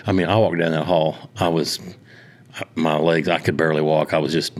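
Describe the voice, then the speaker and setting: An older man with an Oklahoma accent telling stories from his law-enforcement years in a casual interview, slow and halting with many fillers. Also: extremely low pitch, level tone. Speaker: hunting lodge owner, retired law officer.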